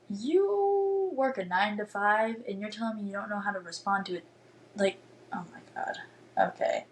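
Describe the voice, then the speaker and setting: A woman's voice: medium pitch, a little slow, long pauses, a little hiss or hum, poor audio. A young woman in her twenties hosting a podcast, telling a dating story in a blunt, emphatic rant full of swearing and "like" fillers. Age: 20s. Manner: emphatic, animated rants. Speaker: podcast host. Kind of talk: casual storytelling monologue.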